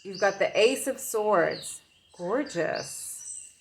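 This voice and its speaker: A woman's voice: medium pitch, expressive, extremely slow, slight background noise. A woman doing an intuitive tarot reading, rambling and searching for her words as she talks. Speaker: tarot reader.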